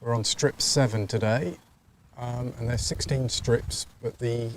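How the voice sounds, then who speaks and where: A man, a father, calmly giving scores and ground details in casual commentary. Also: mid-range voice, slight background noise. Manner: measured, informative, reads out scores. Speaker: cricket commentator. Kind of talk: casual live stream commentary.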